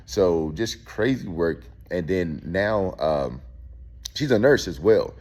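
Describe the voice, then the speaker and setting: Deep-voiced man in casual commentary. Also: expressive, slow pace, a little mellow. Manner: loose and conversational, many fillers and restarts. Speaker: host.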